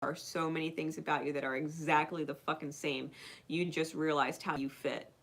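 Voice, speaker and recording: A woman's voice: low voice, fairly even intonation, normal speed, a bit bright. A woman giving a casual spiritual reading to her viewers, emphatic, swearing constantly and laughing often. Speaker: spiritual card reader. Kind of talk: casual unscripted monologue to viewers.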